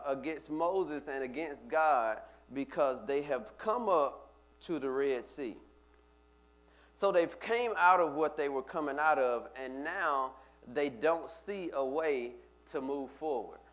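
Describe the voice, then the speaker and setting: A male pastor preaching a sermon, building with emphatic, repeated phrases. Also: medium pitch. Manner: preaching with rising emphatic repetition.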